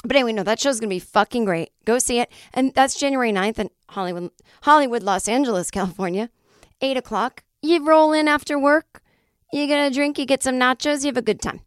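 Cranky, animated woman podcast host. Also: fairly high pitch, quick pace, dry recording, clean studio sound. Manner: cranky, animated, swears freely while plugging shows. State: voice not fully recovered. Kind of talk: solo podcast monologue.

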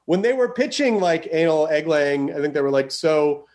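A man hosting a podcast, rambling and riffing fast in casual chat, swearing freely. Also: on the high side, animated, a little mellow. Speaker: podcast host.

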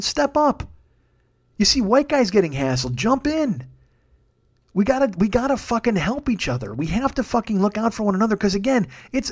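A man hosting a comedy podcast alone, ranting heatedly and swearing constantly, then rambling through thanks to his crew. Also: extremely high pitch. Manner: rambling, self-deprecating. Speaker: podcast host. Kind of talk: solo comedy podcast rant.

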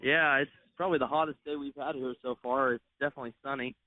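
A man's voice: medium pitch, steady tone, fast, no echo. A man who drives race cars, chatting in an easygoing way as a guest over the phone, with lots of fillers. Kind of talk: casual interview on phone. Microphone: phone line. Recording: tinny phone line.

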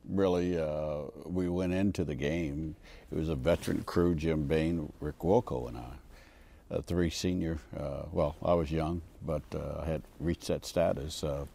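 Older ex referee guy, really deep gravelly voice, dark tone, lots of uh and um. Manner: halting, many fillers. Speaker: former basketball referee. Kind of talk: recounting a memory at a roundtable.

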